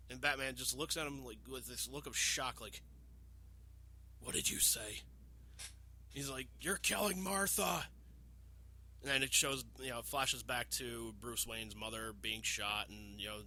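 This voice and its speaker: A man on a podcast casually retelling a film plot, profane and animated, acting out the characters' lines. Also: medium pitch. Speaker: podcast host.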